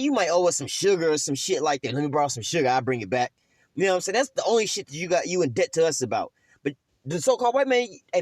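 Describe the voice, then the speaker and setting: A man's voice: high voice, no echo. A man doing profane, preachy commentary over a video, swearing constantly and asking "all right?".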